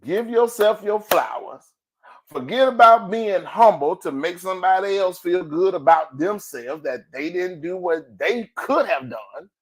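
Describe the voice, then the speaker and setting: A man hosting a podcast in a motivational monologue, colloquial and preachy, calling out "ooh" and swinging between loud and soft. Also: expressive, measured pace. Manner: preachy, exclaims "ooh", big swings in pitch and volume; colloquial, addresses listeners as family. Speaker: podcast host.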